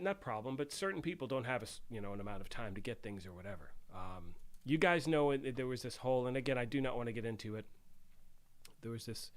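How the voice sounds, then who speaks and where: A man hosting a casual live stream, chatting loosely with many fillers and answering viewers. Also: medium pitch. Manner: rambling, conversational, many fillers; reads and answers chat. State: throat clearing after choking on tea. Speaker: livestream host.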